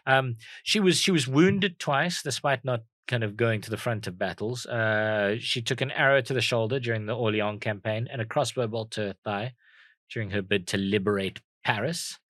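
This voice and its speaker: A man's voice: mid-range voice, moderate pace, a bit bright, dry recording. A man co-hosting a casual comedy podcast, telling a history story with many ums and restarts. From South Africa. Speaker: podcast co-host.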